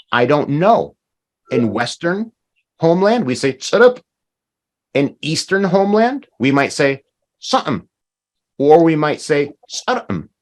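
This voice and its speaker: A man teaching a language class over a video call, explaining patiently and checking in with "right?". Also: medium pitch.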